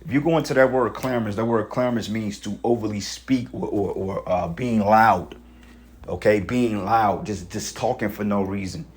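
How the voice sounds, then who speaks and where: A man's voice: fairly low pitch, normal speed. A man giving a casual spoken rant about a religious topic, blunt and confrontational, with profanity and rhetorical questions. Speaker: member of a religious group giving commentary.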